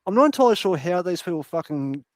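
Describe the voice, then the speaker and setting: A man's voice: high voice, quick pace, no room sound. A man in casual chat on a panel show, ranting and swearing freely about TV shows. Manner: heavy swearing, animated rants. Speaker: podcast panel host.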